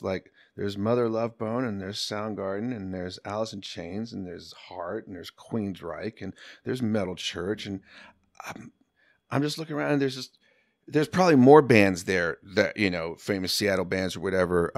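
A man in his fifties, a podcast guest, telling stories in a loose, animated way, swearing freely and laughing often. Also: on the low side, moderate pace, dry recording, clean studio sound. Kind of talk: casual storytelling.

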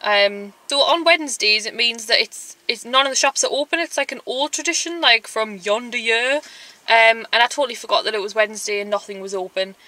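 A woman's voice: fairly high pitch, a little fast. A young woman chatting casually to camera in a vlog, telling stories with lots of "like" and acting out what people said. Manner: animated storytelling, acts out quotes, lots of "like". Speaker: vlogger.

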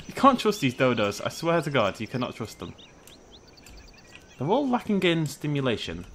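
This young man's medium-pitched voice swoops wildly up and down, with a fairly bright tone and a moderate pace broken by frequent pauses. As host of a gameplay video, he chats casually, jokes, addresses the animals and gives sudden surprised shrieks in his let's-play commentary.

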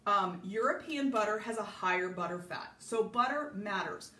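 A woman's voice: medium pitch, lively intonation, moderate pace, bright, forceful tone, echoey room, recorded from a distance. A middle-aged woman from Southern California hosting a casual live baking demo, chatty and rambling, greeting viewers by name. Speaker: home cook hosting a live baking video. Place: home kitchen.

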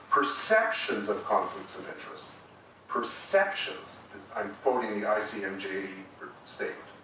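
A man making a formal debate speech in a lecture hall, measured and emphatic, with wry asides. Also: on the low side, a bit bright, a little hiss or hum. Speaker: debate speaker. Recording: echoey hall recorded from far off.

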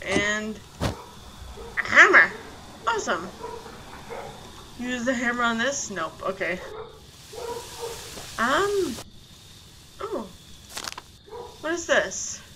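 A woman with a higher-pitched voice talks her way through a horror game in casual commentary, thinking aloud and jumping at scares. She speaks slowly and unhurriedly. A clear hiss of noise sits under the recording. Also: sing-song, bright, forceful tone, poor audio. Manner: thinks aloud, easily startled, chatty. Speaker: video game player.

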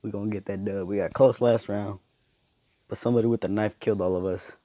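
A man's voice: fairly low pitch, fairly even intonation, fast talker, mellow, dry recording. A young man casually commenting on his own shooter gameplay, slangy and trash-talking, joking at himself. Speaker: gamer. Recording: noisy game audio behind.

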